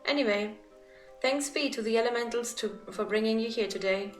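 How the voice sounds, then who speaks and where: A woman voicing a gracious townsperson who gives thanks in a measured tone while reading game dialogue aloud. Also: on the high side, echoey room, far from the mic, faint music behind, natural voice.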